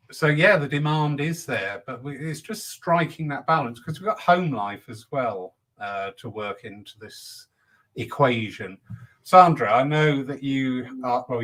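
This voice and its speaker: A man's voice: medium pitch, bright, forceful tone, poor audio. A man hosting a casual panel discussion, chatty and given to acting out quoted voices. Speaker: host.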